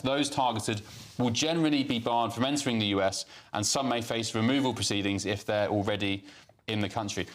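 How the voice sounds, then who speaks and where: A man reading news items aloud in a talk show. He keeps a measured pace at an average pitch and pauses on fillers now and then.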